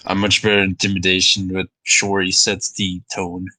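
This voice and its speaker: Low, bright-voiced game player, dry sound. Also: male voice, completely flat delivery, moderate pace, dry recording, rough recording. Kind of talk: casual tabletop game chat.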